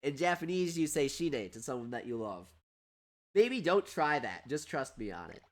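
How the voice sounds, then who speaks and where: A man hosting a livestream, giving excitable, chatty commentary on a mobile game while reading out viewer questions. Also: fairly high pitch, moderate pace. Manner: excitable, animated and chatty, often breaking into laughter. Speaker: streamer and host. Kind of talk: live gameplay commentary reading chat.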